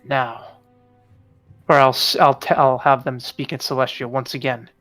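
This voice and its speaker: A man voicing an impatient adventurer who interrogates a captive in a slow, threatening way. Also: medium pitch, little pitch movement, a bit bright, faint music behind, lightly acted. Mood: menacing.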